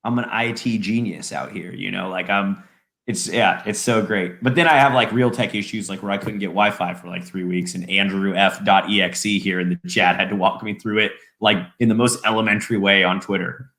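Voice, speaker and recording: A young adult man co-hosting a podcast, telling stories in casual chat with laughs and animated impressions. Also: deep voice, brisk. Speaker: podcast co-host.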